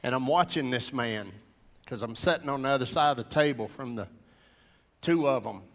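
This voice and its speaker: A man, an earnest preacher telling a personal testimony to a gathering of men in animated storytelling fashion. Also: medium pitch, moderate pace, big-room sound.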